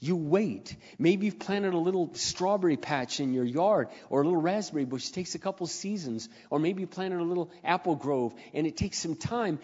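Male preacher, fairly high voice, storytelling style, lively and swinging from hushed to loud; dull lo-fi hall recording. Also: normal speed, hardly any pauses. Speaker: speaker. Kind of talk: sermon storytelling. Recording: echoey hall, dull lo-fi sound.

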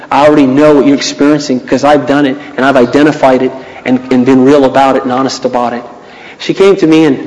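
A pastor delivering a conversational, emphatic sermon, climbing high when he reads the Psalms aloud. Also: darkish tone, in a large hall, low-quality recording.

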